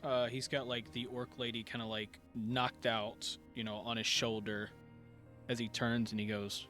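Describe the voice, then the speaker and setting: A man runs a tabletop game, narrating scenes in a halting way with frequent "uh"s. His voice sits at a middle pitch, with faint music underneath. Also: flat delivery, bright, forceful tone. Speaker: game master.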